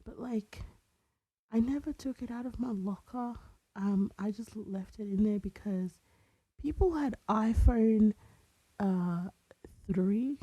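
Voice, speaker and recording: A young woman co-hosting a podcast in casual chat, rambling as she searches for details, often dropping into breathy asides. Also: mid-range voice, mellow, dry recording, lo-fi sound. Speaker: podcast co-host.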